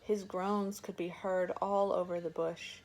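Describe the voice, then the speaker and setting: A woman reading a folk tale aloud for children in a gentle, measured way. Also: fairly low pitch, flat delivery. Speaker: storyteller. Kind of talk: storybook reading.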